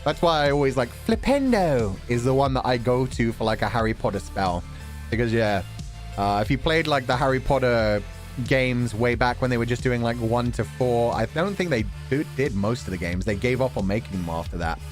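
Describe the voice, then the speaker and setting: A man's voice: mid-range voice, expressive, fairly quick, faint music behind. A man streamer in a casual chat, reading out donation messages, playful with words and swearing casually.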